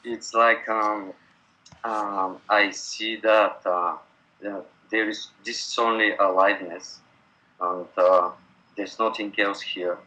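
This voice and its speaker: A man from Bulgaria calling in to a teacher, asking a question haltingly with many pauses and nervous laughs. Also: lowish voice, fairly even intonation, pushed and bright, rough recording. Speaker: caller.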